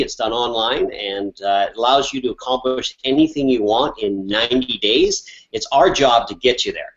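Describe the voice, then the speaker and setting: A Canadian man co-hosting a live online coaching chat, relaxed and rambling with plenty of fillers. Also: lowish voice, highs cut off. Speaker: life coach, co-host.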